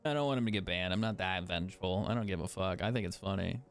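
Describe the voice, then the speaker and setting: A man's voice: deep voice, quick pace, faint music behind. A young man chatting casually as a game streamer, swearing freely and laughing often. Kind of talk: casual gaming stream commentary.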